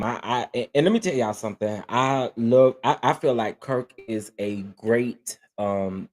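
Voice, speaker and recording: A man hosting a casual livestream chat, talking earnestly and emotionally, often repeating himself as he answers viewers. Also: medium pitch. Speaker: livestream host.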